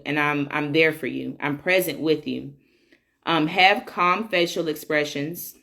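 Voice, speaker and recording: Low-voiced woman chatting on a podcast. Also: fairly bright tone. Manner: chatty and candid, frequent um fillers. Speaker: podcast host. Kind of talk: casual solo parenting podcast talk.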